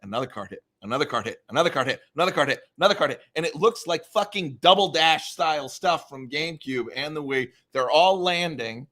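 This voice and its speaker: A man co-hosting a casual chat, ranting excitedly and swearing in mock fury. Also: on the high side, fairly quick, hardly any pauses. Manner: animated, ranting, profane, mock-furious. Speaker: podcast co-host.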